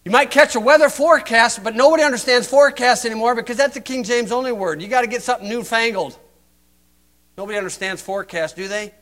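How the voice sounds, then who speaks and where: High-voiced older preacher, sarcastic. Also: male voice, fast. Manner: sarcastic, mocking, swings from loud to hushed. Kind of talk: sermon.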